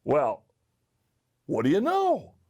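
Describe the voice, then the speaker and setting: A man's voice: huge pitch swings, slow, darkish tone, breathy edge, exaggerated voice. A man voicing a big, sorry male elephant who frets and squeals in a storybook reading. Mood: amazed. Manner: high squealing cries.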